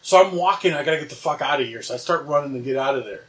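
Animated young man telling a wild story. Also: fairly high pitch, very fast, far from the mic. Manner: animated, swearing storyteller who laughs while telling. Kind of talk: casual chat.

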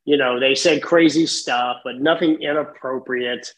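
A middle-aged man telling animated stories as a podcast guest, laughing often. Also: mid-range voice, measured pace, low-quality recording. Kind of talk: casual storytelling.

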